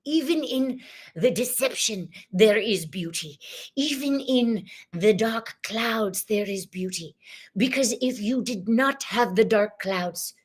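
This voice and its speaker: A woman's voice: fairly high pitch, expressive, slow pace, slightly rough, full character voice. A woman voicing a jolly, exuberant male spirit channeled during a tarot livestream, gasping and making uplifting pronouncements.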